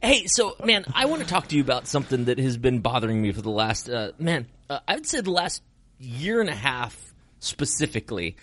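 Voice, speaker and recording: A man's voice: medium pitch, fairly quick, no echo. A man co-hosting a casual podcast chat, telling stories with lots of laughter and acted-out quotes. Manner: animated storyteller, laughs a lot, acts out quotes. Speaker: podcast co-host, magician.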